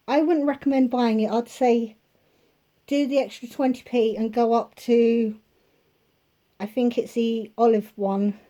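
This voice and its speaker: A woman with a slightly high but mellow, warm voice talks through a grocery haul in her home kitchen. She chats casually and keeps wandering into asides. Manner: rambling, with chatty asides. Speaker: vlogger showing a grocery haul. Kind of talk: casual chatty haul video.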